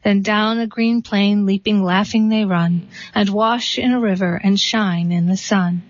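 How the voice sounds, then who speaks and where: A woman reading a short story and a poem aloud in a steady, unhurried way. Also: medium pitch, no room sound. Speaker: reader. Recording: dull, slightly lo-fi dry recording.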